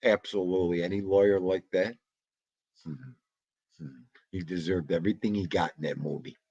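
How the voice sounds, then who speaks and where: Man, livestream host, low voice, rambling, mutters to himself, dull dry recording. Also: steady tone, moderate pace, creaky, warm tone, slightly rough, dry recording. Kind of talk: casual livestream chat reading comments.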